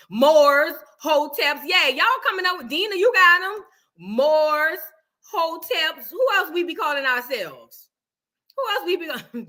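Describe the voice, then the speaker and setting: A woman's voice: sits high, bright, forceful tone. A woman hosting a casual reaction livestream, rambling and talking straight to her viewers. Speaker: livestream host.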